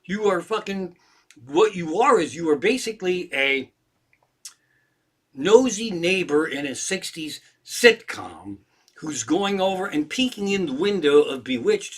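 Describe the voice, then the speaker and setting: A man in his sixties rants on a livestream with a slightly high voice and a sharp, tense edge. He swears constantly and gets more and more worked up as he talks. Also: lively intonation, normal speed. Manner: profane, ranting, worked up. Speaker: comedian hosting a livestream. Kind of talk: profane ranting livestream chat.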